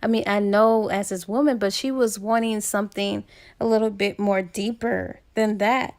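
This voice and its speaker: A woman's voice: mid-range voice, steady tone, moderate pace, darkish tone. A woman casually retelling a romance novel's plot as a book reviewer, chatty and full of asides.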